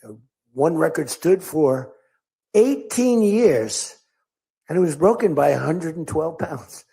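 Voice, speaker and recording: Slow and expressive, this older man's voice sits on the high side, mellow with vocal fry and a breathy edge. As a political speaker going off-script to a crowd, he rambles through stories and performs quoted lines in other voices.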